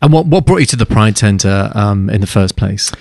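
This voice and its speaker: A man hosting a community radio talk show, enthusiastic and a little halting. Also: lowish voice, lively intonation, creaky, darkish tone, no echo, studio quality. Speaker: radio host. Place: radio studio.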